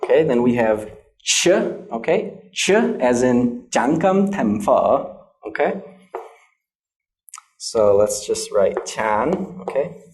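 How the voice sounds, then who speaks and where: A man's voice: medium pitch, sing-song, slow pace, a little mellow. A young American man teaching English pronunciation in a classroom lesson, patient and checking in with a frequent "okay?".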